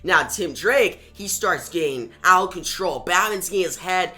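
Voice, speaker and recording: A man casually retelling a comic story, excitable and eager. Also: high voice, moderate pace, faint music behind. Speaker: comic reviewer.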